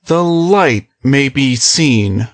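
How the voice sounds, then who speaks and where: A woman puts on a secretive young gentleman who coaxes and urges in a lowered voice for this audiobook. He talks very slowly and evenly, pressing each point. The recording is close and dry. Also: animated, dry recording, heavily acted. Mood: coaxing. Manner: low, slow, urging delivery. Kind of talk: audiobook character voice.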